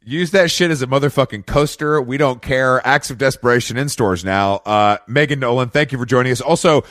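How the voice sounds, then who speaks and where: A man's voice: medium pitch, a little fast, a bit bright, no room sound, clean studio sound. A man hosting a podcast, wrapping up with a guest in a loose, jokey, casually profane way. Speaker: podcast host.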